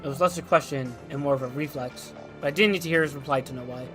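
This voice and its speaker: A young man streaming a game, reading its story aloud and reacting excitedly. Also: mid-range voice, quick pace, music in the background.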